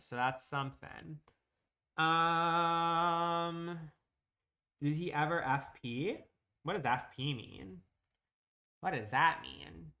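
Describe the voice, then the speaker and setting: A man chatting loosely on a live stream, in a teasing, chatty way with plenty of casual swearing. He talks at an unhurried, drawn-out pace from home, rambling to his viewers as he plays. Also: on the high side, pushed and bright, slight background noise. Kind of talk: casual live-stream chat while gaming.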